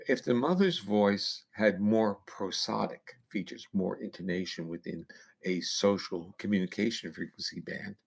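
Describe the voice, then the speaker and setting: A man's voice: lowish voice, creaky, breathy edge. A man guest on an interview, giving long explanations of research in a lecturing way with casual fillers. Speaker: neuroscientist guest.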